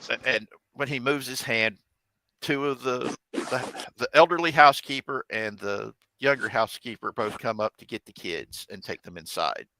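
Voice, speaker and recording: Bright-voiced male game master. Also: medium pitch, no room sound, rough recording. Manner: halting, self-correcting narration. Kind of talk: narrating a tabletop game. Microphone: desk mic on a live stream.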